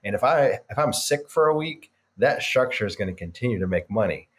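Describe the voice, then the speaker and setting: A man's voice: on the low side, lively intonation, a little fast. A man guest on a podcast, earnestly reflecting on his work as a business coach, stressing key words and chuckling now and then. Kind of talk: casual podcast interview.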